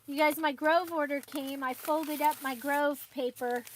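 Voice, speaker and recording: A woman's voice: sits high, fairly even intonation, unhurried, a little hiss or hum. A woman hosting a crafting channel, chatting casually and rambling with frequent fillers and little laughs. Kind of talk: casual livestream chat.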